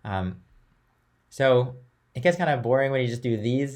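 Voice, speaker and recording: Speaking at a moderate pace in a medium pitch, a young man leads a chant class. His manner is easygoing and chatty, and he switches back and forth between talking and singing note names and phrases.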